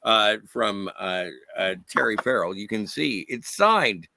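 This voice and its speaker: A man on a livestream panel, speaking haltingly as he makes his points and tells a story. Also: lowish voice, expressive, vocal fry, pushed and bright, no echo. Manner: halting, with many fillers and restarts. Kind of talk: panel debate and anecdote.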